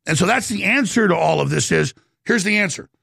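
A man delivering a heated, excited rant as a show host, often stumbling and repeating words as he builds up steam. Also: sits high, brisk, vocal fry, slightly rough, dry recording, clean studio sound. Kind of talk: heated ranting monologue.

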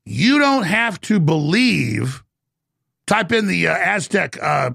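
A man delivering a heated, excited rant as a show host, often stumbling and repeating words as he builds up steam. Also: sits high, slow pace, creaky, dry recording, studio quality. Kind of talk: heated ranting monologue.

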